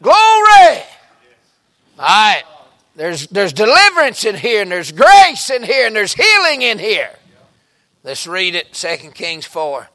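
A man with a Southern US accent preaching a fervent revival sermon in a church, breaking into sudden shouts and exclamations. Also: sits high, huge pitch swings, unhurried. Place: church sanctuary.

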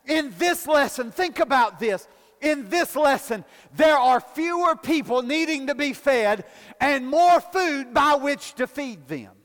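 A man preaching a folksy sermon, building to shouted emphasis and calling for amens in a church. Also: very high-pitched, lively intonation, unhurried, big-room sound. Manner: folksy, rising to shouted emphasis, calls for amen.

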